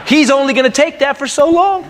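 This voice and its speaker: A man's voice: extremely high pitch, fairly quick, big-room sound. A man performing a crude stand-up comedy set, ranting brashly to a live audience. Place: comedy club stage before a live audience. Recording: live club recording, loud crowd and noise.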